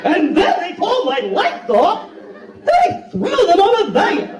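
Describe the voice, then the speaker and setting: A man's voice: very high-pitched, wildly swooping pitch, takes it slowly, crowd noise, voice pushed up, heavily acted. A man voicing a distraught scarecrow who wails over the top in a whiny sing-song, heard from a distance in an echoey hall with audience laughter. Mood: overwrought.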